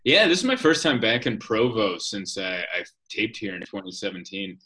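A man's voice: on the low side, animated, normal speed, pushed and bright. A man, a comedian, telling wry, joking stories in casual chat. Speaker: comedian guest.

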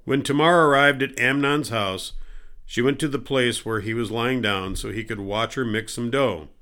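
A man giving a daily Bible reading in a steady, measured way. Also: medium pitch. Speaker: scripture reader.

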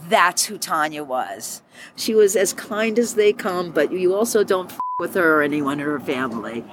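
A woman's voice: moderate pace, background noise. A woman, a former bartender, telling stories in an interview and acting out the people she quotes. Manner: animated, acts out quoted voices with sharp pitch jumps. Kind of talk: storytelling interview.

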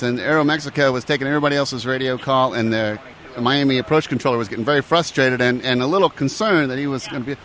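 A man's voice: mid-range voice, a bit bright, a little hiss or hum. A man, an airline pilot, casually telling a story and mimicking radio calls. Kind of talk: casual anecdote.

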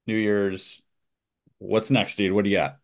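A young man co-hosting a casual podcast, relaxed, agreeable and quick to laugh. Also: on the low side. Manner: easygoing, laughs often, agreeable backchannels. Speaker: podcast co-host. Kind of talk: casual chat.

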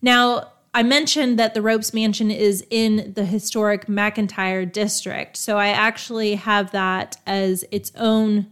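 Young adult woman, casual travel host, mid-pitched, conversational and a little rambling. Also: little pitch movement, unhurried, hardly any pauses, a bit bright, clear, resonant tone. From Texas. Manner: chatty, self-correcting, unsure asides.

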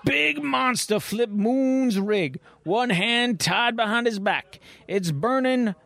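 A man's voice: very high-pitched, lively intonation, takes it slowly, creaky, a bit bright, no room sound, voice pushed up, full character voice. A man voicing a panicked male trucker calling for help over the radio, frantic and breathless.

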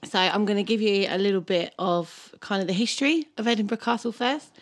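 A woman co-hosts a podcast in a relaxed, chatty way. She laughs easily and reads from her notes with a mid-pitched voice. The sound is dry and close. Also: a little fast, no echo. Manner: giggly, reads notes aloud. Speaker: podcast co-host. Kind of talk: casual chat and reading history notes.

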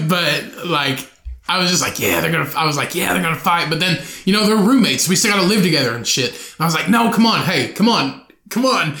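A young man hosting a solo podcast, telling college stories in a loud, profane, laughing way. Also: on the high side, echoey room. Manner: profane, laughing often, animated storytelling. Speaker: podcast host. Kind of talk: casual solo podcast storytelling.

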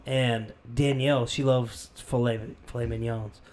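A man's voice: medium pitch, unhurried, a little hiss or hum. A man co-hosting a casual podcast, telling rambling, easygoing stories. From not from the area. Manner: relaxed rambling storyteller. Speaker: podcast co-host. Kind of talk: casual chat.

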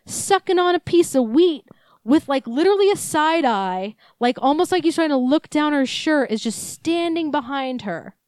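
A woman's voice: high-pitched, lively intonation, normal speed, darkish tone, no room sound. Young female podcast co-host, rambling storyteller, swears, dry close sound. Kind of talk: casual chat.

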